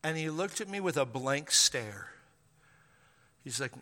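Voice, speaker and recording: A man's voice: a little high, animated, a little slow, pauses often, bright, forceful tone, in a large hall. A middle-aged male pastor preaching a sermon as a chatty story, with joking asides and frequent restarts.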